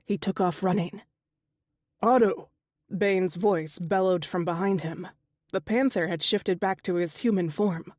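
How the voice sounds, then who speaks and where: A woman narrating an audiobook in an even, steady storytelling voice. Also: mid-range voice, dry recording, studio quality. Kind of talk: scripted narration.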